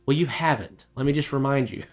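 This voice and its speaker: Man, thirties, business coach, emphatic motivational talk, mid-pitched voice, faint music underneath. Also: fairly quick. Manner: emphatic and motivational, rhetorical questions. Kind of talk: direct-to-camera coaching talk.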